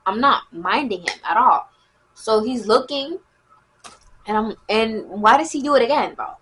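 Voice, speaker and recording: A young woman, telling a casual storytime vlog in a chatty, animated way. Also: a little high, a little slow, slight background noise. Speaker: vlogger.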